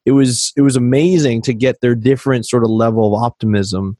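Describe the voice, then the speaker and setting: A man from Canada tells his stories in a relaxed, conversational way and voices the people he quotes with plenty of life. His voice sits at an ordinary middle pitch. The recording is close and dry, with almost no room sound. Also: brisk, no room sound. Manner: animated storyteller who acts out quoted dialogue. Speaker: podcast guest. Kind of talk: casual storytelling chat.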